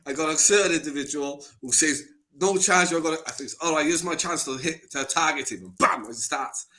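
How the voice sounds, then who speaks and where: A man joining a chat as a guest, playful and laughing often. His voice is bright and pitched a little high. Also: fairly quick. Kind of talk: casual chat.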